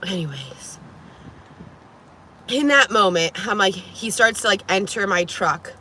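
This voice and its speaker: A woman vlogger telling a story to camera in an animated, profane way, laughing and coughing often. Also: mid-range voice, measured pace, slight background noise.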